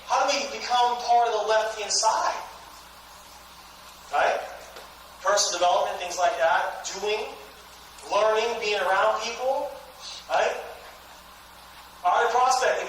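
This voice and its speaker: A man's voice: high-pitched, fairly bright tone. A man giving a motivational sales training talk to a live room, telling jokey stories and talking straight to the audience. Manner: joking storyteller, addresses the audience directly. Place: lecture room at a regional event. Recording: echoey room, distant mic, faint hiss.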